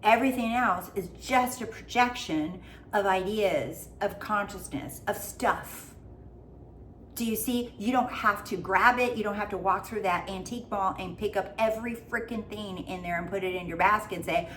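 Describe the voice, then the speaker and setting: A woman's voice: mid-range voice, moderate pace, a bit bright, a little hiss or hum. A woman life coach giving a casual motivational talk, goofy, blunt and freely swearing.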